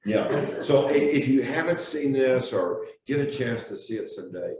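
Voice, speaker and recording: A man's voice: mid-range voice, lively intonation, moderate pace. A man teaching an adult Sunday school class, telling stories in a chatty way, laughing often and repeating words as he goes. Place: church classroom. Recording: echoey room, far from mic, faint hiss.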